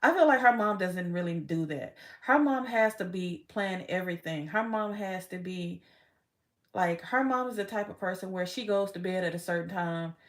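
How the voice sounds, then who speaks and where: A woman's voice: lowish voice, moderate pace, a bit bright. Brief: woman tarot reader on a casual vlog, frank and chatty, with loose cursing and frequent laughter. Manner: chatty, frank, swears freely, laughs often.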